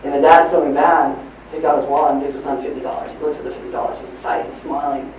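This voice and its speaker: Guy doing a motivational talk, high voice, big echoey hall, mic far away. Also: fast talker, slight background noise. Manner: animated storytelling, preachy. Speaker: motivational trainer. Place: large hall at a training event. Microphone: far from the recording mic.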